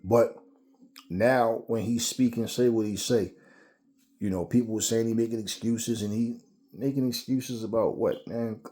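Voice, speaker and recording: Male host, mellow mid-pitched voice, casual profane storyteller who rambles. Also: steady tone, a little slow. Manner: profane, rambling, repeats words. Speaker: boxing channel host.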